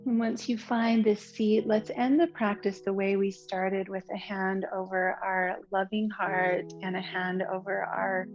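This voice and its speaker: A woman yoga teacher giving slow, soothing, gentle cues through relaxation and breathing. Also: medium pitch, little pitch movement. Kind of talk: guided yoga and relaxation instruction. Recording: slightly muffled recording with soft instrumental music.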